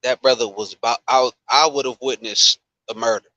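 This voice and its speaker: A man's voice: mid-range voice, moderate pace, dry recording, highs cut off. A man from Long Beach telling stories in casual chat, emphatic and repeating himself for weight. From Long Beach, California. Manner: animated, emphatic repetition.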